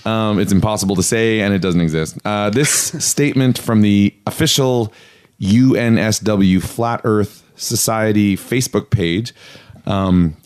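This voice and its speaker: A man's voice: fairly low pitch, a little mellow. A man hosting a podcast in casual chat, joking and rambling with frequent restarts. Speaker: podcast host.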